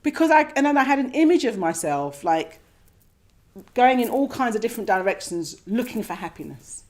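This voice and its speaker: A woman telling a personal story at a meditation class, reflective and gently animated, sometimes acting out her own thoughts. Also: on the high side, moderate pace. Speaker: speaker sharing her meditation experience. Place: meditation centre shrine room with a class.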